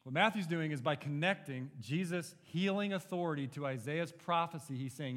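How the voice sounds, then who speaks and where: Guy preaching a bible sermon, kinda high voice, earnest, lots of rhetorical questions, reverby. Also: normal speed, few pauses. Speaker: pastor. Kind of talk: expository sermon.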